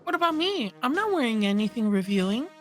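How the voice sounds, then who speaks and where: A woman's voice: on the high side, sing-song, fast, soft background music. A woman reading the lines of a chatty young woman sidekick in a game read-along.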